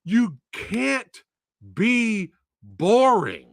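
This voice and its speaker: A man's voice: high voice, drawn-out words, vocal fry, no room sound, clean studio sound. A man hosting a live stream, reviewing a film in a profane, exasperated rant. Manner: profane, animated, exasperated ranting. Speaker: movie reviewer host.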